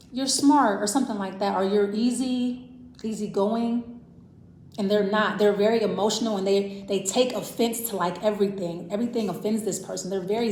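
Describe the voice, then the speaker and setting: A woman giving a casual, rambling tarot reading. She thinks aloud, restarts her sentences and repeats herself. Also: medium pitch. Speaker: tarot reader. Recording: echoey room.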